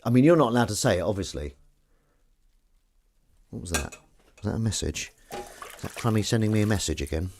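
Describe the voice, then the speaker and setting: Guy, kinda low voice, rambly jokey chat while doing the dishes, bit of faint hiss. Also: expressive, brisk, long pauses, darkish tone. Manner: rambling, chatty, jokey asides to viewers. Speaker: live streamer. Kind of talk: casual live-stream chat while washing up. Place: home kitchen at the sink.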